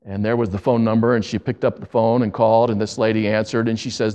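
A man preaching, telling a story earnestly and slowing down for emphasis. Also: lowish voice, flat delivery, mellow, clean tone. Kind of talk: sermon storytelling.

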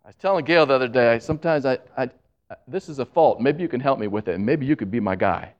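A man preaching a sermon, animated and joking with the congregation, who admits he talks fast when excited. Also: mid-range voice, muffled recording. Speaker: pastor.

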